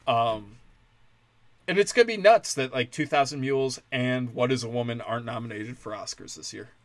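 A man's voice: medium pitch, normal speed, dry recording. A man ranting in a heated, profane, rambling way, full of "like" fillers. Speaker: commentator. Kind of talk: profane political rant.

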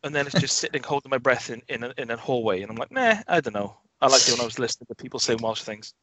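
A man's voice: mid-range voice, fairly even intonation, rapid-fire, a bit bright, no room sound. A man co-hosting a games podcast, talking in a chatty, rambling way and restarting his sentences. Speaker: podcast co-host, game reviewer. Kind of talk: casual chat.

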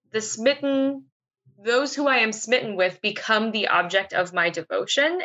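A woman's voice: mid-range voice, bright, forceful tone, muffled recording. A woman playing in a tabletop role-playing game, talking in a dramatic, flustered way with many restarts. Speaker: player. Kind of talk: tabletop game play, casual chat.

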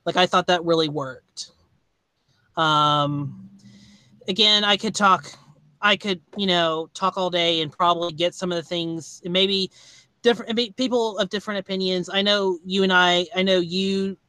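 A man with a high, bright voice hosts a casual podcast chat and rambles through his thoughts, restarting sentences often. His tone is smooth and clear, recorded dry and close. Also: fairly even intonation, dry recording. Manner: rambling, halting, many restarts and fillers. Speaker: podcast host. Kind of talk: casual movie review chat.

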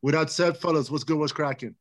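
A man's voice: fairly high pitch, quick pace. A man hosting a casual podcast over a video call, upbeat and laughing as he greets his co-hosts. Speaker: podcast host. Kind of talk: casual chat. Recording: remote call.

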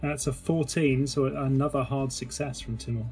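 A man's voice: mid-range voice, steady tone, moderate pace, darkish tone, faint music behind. A man playing a tabletop role-playing game, chatty, laughing easily and thinking aloud with many fillers. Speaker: player.

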